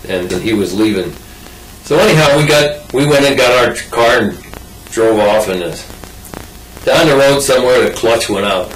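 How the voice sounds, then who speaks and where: At a normal speed and with lively intonation, an older man of medium pitch rambles through a folksy personal story, oral-history style, with restarts and asides throughout. He's recorded from a distance, giving a roomy, off-mic sound.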